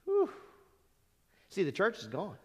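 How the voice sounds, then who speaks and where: High-voiced pastor in a reverberant church. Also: male voice, huge pitch swings, slow, fairly bright tone, breathy edge. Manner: conversational preaching, rhetorical questions and asides. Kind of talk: sermon. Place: church sanctuary. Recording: long reverb of a church hall.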